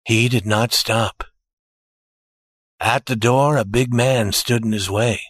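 A man reading a story aloud in a steady, expressive narrating style. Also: mid-range voice, slow pace, no room sound, clean studio sound.

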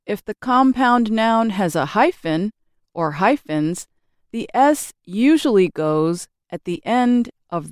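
A woman reading a scripted English grammar lesson with slow, careful, clearly enunciated delivery. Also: mid-range voice, no echo, studio quality. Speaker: English teacher.

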